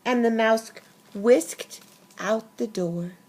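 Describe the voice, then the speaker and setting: Woman storybook reader for kids, unhurried and a little high-voiced. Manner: expressive, asks listeners questions. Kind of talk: reading a picture book aloud to children.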